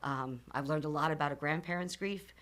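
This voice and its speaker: A woman's voice: deep voice, brisk, a bit bright. A woman in her fifties, a nonprofit founder, telling a personal story as a podcast guest, candid and earnest, with many ums and restarts.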